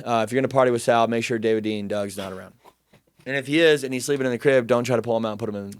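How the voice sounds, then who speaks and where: A young man telling a story in a casual chat, animated, profane and self-deprecating. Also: medium pitch, very fast, clean tone.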